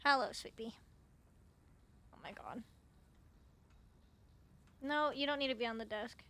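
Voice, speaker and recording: A woman's voice: a little high, measured pace, bright, forceful tone. A young woman streaming live, chatting casually with viewers and cooing baby talk at her cat.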